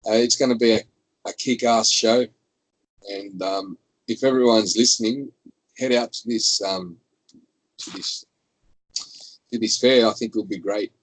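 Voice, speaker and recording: A man's voice: fairly low pitch, fairly even intonation, unhurried, pauses often, dry recording, low-quality recording. An Australian man, a guest in casual chat, talking in a laid-back, slangy and friendly way.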